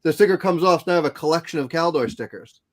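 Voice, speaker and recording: A man's voice: fairly high pitch, animated, fast talker. A man guest on a casual podcast chat, easygoing and a bit hesitant, with many fillers. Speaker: guest, website founder.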